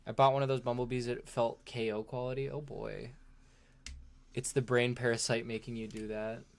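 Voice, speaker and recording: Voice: mid-range voice, little pitch movement, normal speed. A livestream host chatting casually with chat while unboxing a toy, rambling and laughing often.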